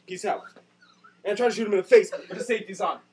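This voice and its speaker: A young man telling a comic story in a sarcastic rant with bursts of shouting, recorded on a distant camera mic. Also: high voice, very fast. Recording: distant mic with faint noise.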